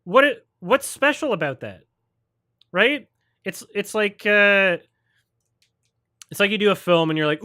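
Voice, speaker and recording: High-pitched and expressive, with a pushed, bright delivery, the host speaks a little slowly and pauses often. On his livestream film review chat he rants sarcastically and with profanity, mocking people through put-on quotes. Sound is clean studio audio without any room sound.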